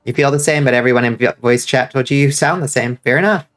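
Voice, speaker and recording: A man with a congested, stuffy voice giving casual, excitable commentary while playing a game and reading chat. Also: medium pitch, fast, faint music behind. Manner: excitable, swears freely, reads out chat. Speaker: streamer.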